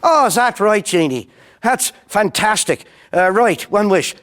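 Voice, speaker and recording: An excitable castaway , voiced by a New Zealand comedian. He yelps high and loud, his pitch bouncing all over. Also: unhurried. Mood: excited. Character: excitable Irish castaway man.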